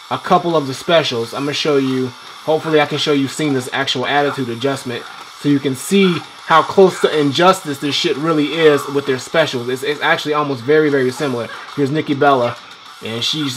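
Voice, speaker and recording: A man's voice: fairly high pitch, fairly bright tone, a little hiss or hum. A man giving loose, rambling gameplay commentary as a game reviewer, swearing freely while he plays.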